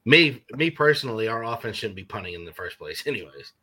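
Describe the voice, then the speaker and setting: A blunt man in a casual sports chat, cursing freely. His low voice is husky yet forceful, with a sharp edge to it. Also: expressive, fast talker.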